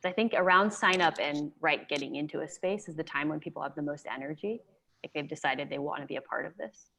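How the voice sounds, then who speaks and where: Low-voiced woman chatting on a video call. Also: fast, fairly bright tone. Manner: conversational and enthusiastic, sprinkles in "like". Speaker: guest speaker.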